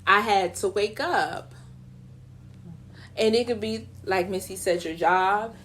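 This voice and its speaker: A middle-aged woman hosts a radio talk show with animated, motivational energy. She preaches to her listeners and sometimes mimics other people's voices mockingly. Her voice sits in a mid range, with a faint hiss of noise behind it. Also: medium pitch, slow.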